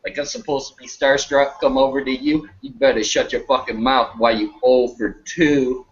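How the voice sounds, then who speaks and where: A man ranting crudely on a live online show, loud and boastful, swinging between shouting and muttering over a video call. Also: mid-range voice, fairly even intonation, normal speed. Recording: muffled lo-fi online call audio with faint hiss.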